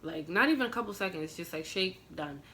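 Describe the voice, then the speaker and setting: Lower-voiced young woman telling a storytime. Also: lively intonation, fairly quick, sharp tone, a little hiss or hum. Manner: emotional retelling, full of "like" fillers. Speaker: vlogger. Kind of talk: storytime vlog.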